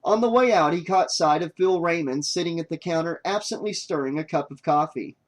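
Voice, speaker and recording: A man narrating a horror novel audiobook in a steady, even storytelling manner. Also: on the high side, a little fast.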